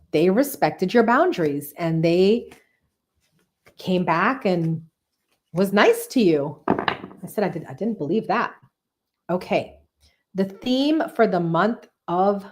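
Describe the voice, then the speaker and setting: A woman with a slightly low voice hosts a live tarot reading. She talks to her viewers in a chatty, enthusiastic way and repeats phrases for emphasis. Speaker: tarot reader and live-stream host.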